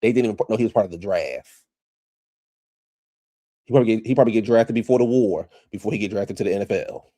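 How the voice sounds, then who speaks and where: A man's voice: lowish voice, dark tone, no room sound, studio quality. A man giving a sassy, gossipy casual recap of a reality show, talking straight to his viewers.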